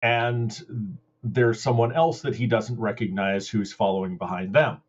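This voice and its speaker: Slow, halting game master with a dull mic. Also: male voice, lowish voice, fairly even intonation, husky. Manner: hesitant, halting with fillers. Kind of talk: running a tabletop game.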